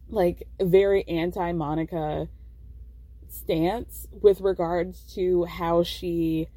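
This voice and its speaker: A woman hosting a podcast, chattily recapping reality TV, laughing often and quoting the cast in quick impressions. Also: on the low side, fairly even intonation, dark tone, dry recording. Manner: chatty, giggly, mimics cast members in quotes. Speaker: podcast host.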